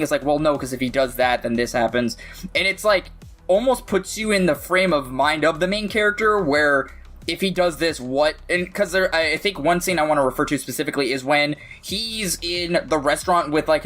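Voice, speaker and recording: A man's voice: on the high side, fairly bright tone. A man co-hosting a casual movie review podcast, reasoning aloud through the plot's what-ifs. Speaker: podcast co-host.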